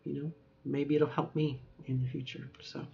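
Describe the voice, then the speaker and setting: A woman's voice: a bass voice, flat delivery, normal speed, vocal fry, dark tone, dull audio, a little hiss or hum. Middle-aged woman rambling in a video diary. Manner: rambling, reflective, many "you know" fillers. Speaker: vlogger.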